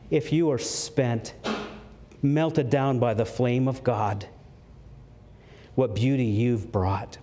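A man preaching a sermon, earnest, slowing down to stress key words and climbing in pitch when stirred, with light jokes slipped in. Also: warm tone, a little hiss or hum. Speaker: pastor.

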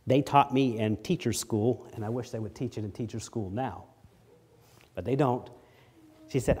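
Expressive male preacher. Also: normal speed, long pauses, husky. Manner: expressive preaching, rises loud on scripture readings, drops low on asides. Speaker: pastor. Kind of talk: sermon.

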